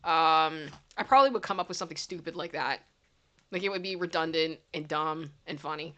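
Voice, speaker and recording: A woman's voice: deep voice, fairly quick, bright, forceful tone. A woman with a Canadian accent hosting a livestream, casually chatting, giggling and reading viewer comments aloud. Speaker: livestream host. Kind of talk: casual live-chat reading.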